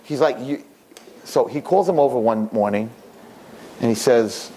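A man telling a story aloud in an animated, repetitive, expressive way. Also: measured pace, pauses often, slight background noise. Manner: repetitive, expressive, rising pitch at high points.

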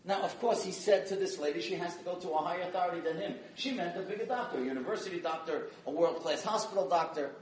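A man giving an inspirational sermon as a dramatic storyteller, dropping to hushed tones and rising to loud emphasis. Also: high-pitched, fast, few pauses, a little hiss or hum. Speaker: guest speaker. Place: community event hall. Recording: echoey hall from far off, faint ambience.

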